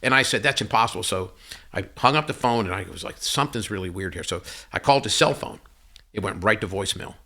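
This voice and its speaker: Man, podcast guest, quick delivery, acts out quoted dialogue, animated storytelling. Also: lowish voice, creaky. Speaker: podcast guest, company CEO. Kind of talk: conversational storytelling interview.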